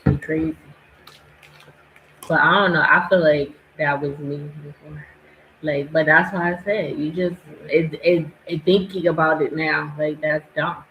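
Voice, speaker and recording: Woman podcast host, casual reaction talk, mid pitch, roomy echoey sound, faint background noise. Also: measured pace, lo-fi sound. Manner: animated, laughing, acting out quotes. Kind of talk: casual commentary chat. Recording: echoey room.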